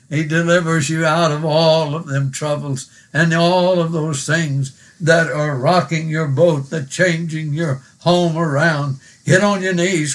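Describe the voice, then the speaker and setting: A man, preaching a sermon and praying, slow and earnest, repeating words for emphasis. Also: on the high side, fairly bright tone. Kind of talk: sermon with prayer.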